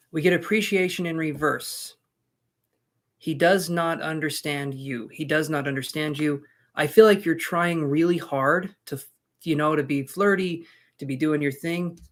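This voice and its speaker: A man's voice: fairly high pitch, fairly even intonation, unhurried, pauses often. A man reads tarot cards live on a stream. He chats casually with his viewers and slips in joking asides between readings. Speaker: tarot reader.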